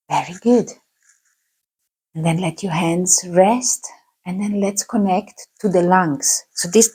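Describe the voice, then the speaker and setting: A woman teaching a qigong class, calmly guiding movements and breathing. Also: medium pitch, husky. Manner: calm, guiding instructions. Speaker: qigong instructor.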